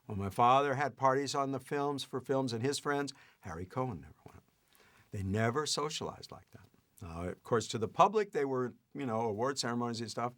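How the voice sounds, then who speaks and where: An older man telling a family anecdote in a lively way, chuckling as he goes. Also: mid-range voice, brisk. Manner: lively retelling with acted-out quotes and chuckles. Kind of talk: anecdotal storytelling.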